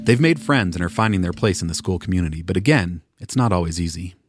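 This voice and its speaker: Male documentary narrator, low voice, measured scripted read, over music. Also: animated. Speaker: podcast narrator. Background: music bed.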